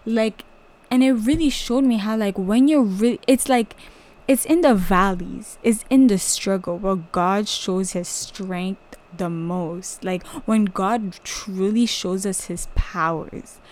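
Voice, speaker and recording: A young woman whose first language is French, hosting a podcast and telling a personal faith testimony in a chatty, animated way full of "like" fillers. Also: mid-range voice, a little slow. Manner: animated storytelling, many "like" fillers, voice jumping up when excited. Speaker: podcast host.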